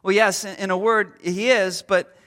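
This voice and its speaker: A pastor in his thirties with a high voice preaches in a relaxed, joking way, acting out small everyday scenes. His tone is bright and forward, and his delivery is loose, full of fillers and restarts. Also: normal speed. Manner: humorous storytelling, acts out little scenes. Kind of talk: conversational sermon.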